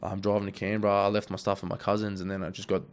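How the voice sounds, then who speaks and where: Fast-talking young Australian man. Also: on the low side, slight background noise. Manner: heavy swearing, excitable retelling with quoted reactions. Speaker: guest, rugby league player. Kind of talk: casual storytelling.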